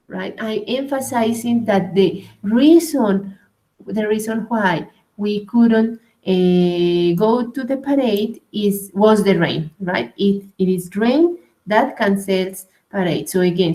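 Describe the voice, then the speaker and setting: A woman whose first language is Spanish, teaching an English grammar class at a slow, hesitant pace and often checking in with "right?". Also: mid-range voice, darkish tone, rough recording.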